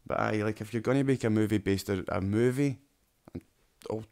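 Low-voiced Scottish man, chatty and broad. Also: moderate pace, vocal fry, a little mellow. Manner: broad, sweary, says "do you know what I mean" often. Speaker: podcast co-host. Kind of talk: casual chat.

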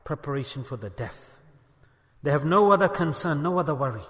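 A man's voice: a little high, expressive, fairly quick. A man, a sheikh, preaching a sermon to a gathering in an emphatic way, asking rhetorical questions and calling for responses. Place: mosque gathering hall in Bolton. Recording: echoey hall, dull lo-fi sound.

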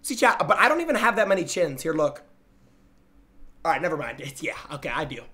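A young man streams live, loudly reacting to viewers' gameplay clips in a teasing, excitable way. He swings between shouting and muttering, with a fairly high pitch and a brisk pace.

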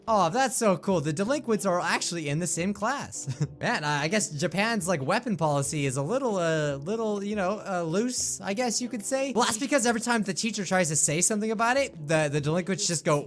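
A man giving excitable gameplay commentary, laughing often and chatting to the characters on screen. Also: sits high, brisk, soft background music. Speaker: gaming video creator.

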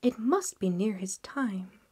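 A woman doing a soft careworn mother. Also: mid-range voice, lively intonation, slow pace, breathy edge, full character voice. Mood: gentle. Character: gentle careworn mother, sewing. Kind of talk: storybook reading.

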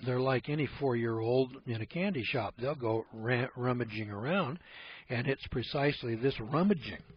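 A man talks through an informal lecture in a folksy, wandering way, throwing out rhetorical questions as he goes. His voice is husky, at a middling pitch, and comes through a dull, lo-fi recording. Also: normal speed. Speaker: speaker on privacy.

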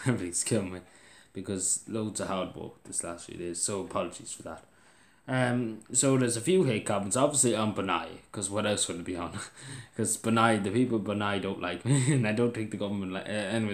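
Worn-out young irish guy ranting into his camera, trips over his words a lot, echoey room. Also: on the low side. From Ireland. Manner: restless, restarts often, rising to exasperated outbursts. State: tired. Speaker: vlogger. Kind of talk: casual vlog rant.

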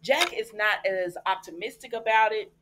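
A woman's voice: mid-range voice, moderate pace, background noise. A woman, recapping a soap opera in a chatty way and addressing her viewers with exasperated asides. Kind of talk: casual recap monologue.

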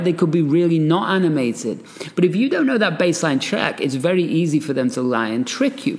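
In a large hall, a man with a slightly high voice hosts a solo podcast as a podcast host and coach. He talks casually and reads an article aloud, animated and chatty, laughing often and dropping asides with frequent "right?".

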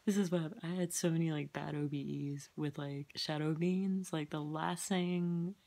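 A woman's voice: low-pitched, fairly even intonation, moderate pace, creaky, mellow. A young woman vlogging casually late at night, rambling, giggling and swearing, often dropping into whispers.

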